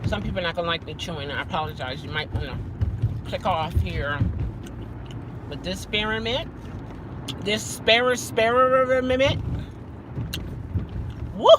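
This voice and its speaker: A woman with a lowish voice and lively intonation chats with livestream viewers as she drives city streets, unhurried and pausing often. She's a vlogger and rideshare driver who rambles, greets commenters by name, and keeps repeating a favorite exclamation. Car and street noise run behind her.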